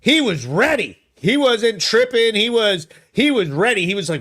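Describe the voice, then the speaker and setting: A man hosting his own live show alone in a studio, excitable and laughing, swearing freely. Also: high-pitched, normal speed, hardly any pauses. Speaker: host. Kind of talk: solo live show commentary.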